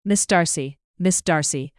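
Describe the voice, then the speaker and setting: An audiobook narrator voicing an elderly Irish housekeeper, motherly and gently scolding, with a light Irish lilt. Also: mid-range voice, measured pace, no room sound, clean studio sound, natural voice. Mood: fond. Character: elderly Irish housekeeper woman, fussing and fond. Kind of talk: audiobook character voice.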